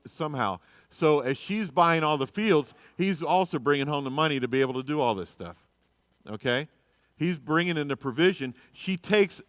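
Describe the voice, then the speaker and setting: A man teaching a casual Bible class in church, chatty and joking, dropping to quiet asides and rising to loud bursts. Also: fairly high pitch, no room sound.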